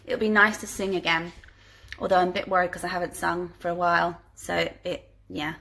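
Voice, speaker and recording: A woman's voice: on the low side, level tone, brisk, vocal fry, bright, forceful tone. A woman hosting a casual live fan Q&A from home on her phone, reading out questions, chatting and giggling, and cooing at her dogs. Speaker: musical theatre performer hosting a fan Q&A. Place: at home, indoors. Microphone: phone held at arm's length.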